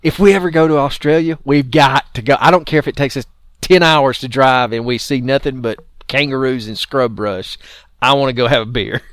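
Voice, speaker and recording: A man's voice: mid-range voice, fairly quick, fairly bright tone, no echo. A man hosting a podcast in casual chat, reading out story details with an amused, storytelling manner. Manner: amused, storytelling, laughs often. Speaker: podcast host.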